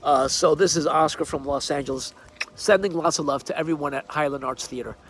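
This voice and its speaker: A man's voice: on the high side, brisk, fairly bright tone, husky. A man recording a casual video greeting outdoors on his backyard deck, friendly and hesitant, with many fillers. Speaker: celebrity well-wisher sending a video message.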